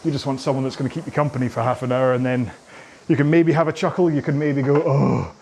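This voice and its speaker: A man's voice: medium pitch, steady tone, fast, darkish tone. Jokey Scottish man leading stretches. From Scotland. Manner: jokey, rambling, self-deprecating. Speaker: rowing fitness instructor. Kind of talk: follow-along stretching instruction.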